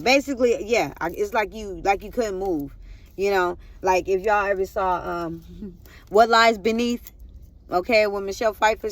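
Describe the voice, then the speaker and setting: A woman's voice: mid-range voice, vocal fry. Woman vlogger, rambling testimony storyteller who addresses the audience directly. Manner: rambling, repeats "I'm like", talks straight to viewers.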